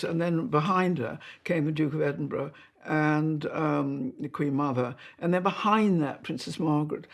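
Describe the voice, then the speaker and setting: An elderly woman, reminiscing in an interview with chatty anecdotes and soft hesitations. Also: deep voice, gravelly. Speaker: interviewee recalling royal life.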